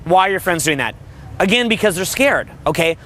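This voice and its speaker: Crude fast-talking guy coaching on dating, high voice, a bit of street noise behind. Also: lively intonation, bright, forceful tone. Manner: brash, crude, riffing, mimics voices. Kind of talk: motivational monologue.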